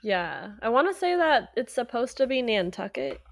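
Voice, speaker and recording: A woman's voice: fairly high pitch, big pitch swings, moderate pace. A woman co-hosting a podcast, giggling often as she retells scenes from a musical. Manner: giggly storyteller who acts out lines in put-on voices. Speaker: podcast co-host. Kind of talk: casual fan chat recapping a musical.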